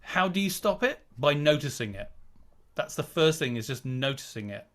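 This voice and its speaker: A man talks casually as a guest on a video call, drifting into tangents and slipping into little acted-out inner voices. His voice sits a little higher than most men's. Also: sing-song, moderate pace, fairly bright tone. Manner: chatty, digressive, acts out quoted inner voices. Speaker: guest speaker on wellbeing.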